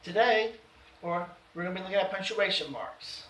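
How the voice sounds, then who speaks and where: A man teaching an adult education grammar lesson, slowing down to read out example sentences with emphasis. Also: high voice, a bit bright, a little hiss or hum. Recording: echoey room, voice from far off.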